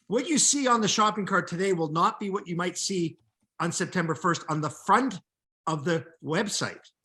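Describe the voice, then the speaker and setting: A man's voice: sits high, pushed and bright. A man hosting a live video call, explaining company rules steadily and point by point. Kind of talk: explanatory business talk.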